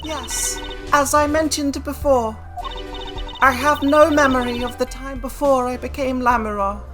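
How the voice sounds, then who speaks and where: A calm, poised blind songstress with a high, clear voice, as a woman puts her on. She speaks slowly in formal, gentle phrases, in a fan-made game dub with soft music underneath. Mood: serene. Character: serene blind female singer, gentle, poised.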